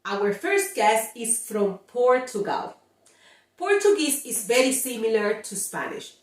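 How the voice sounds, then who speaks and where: A woman teaching Spanish pronunciation, sounding out words slowly and scolding playfully about common mistakes. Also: a little high, sing-song, reverberant, far from the mic. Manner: slow, drawn-out demonstrations of sounds, playful scolding. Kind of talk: pronunciation lesson.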